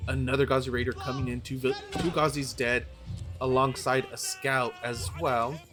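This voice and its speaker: Guy casting a strategy game, voice going hoarse, opinionated, fixes his own slips, game music loud in the back. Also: mid-range voice, little pitch movement. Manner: opinionated, quick, trails off and corrects himself. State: losing his voice. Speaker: game caster. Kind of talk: play-by-play strategy game commentary.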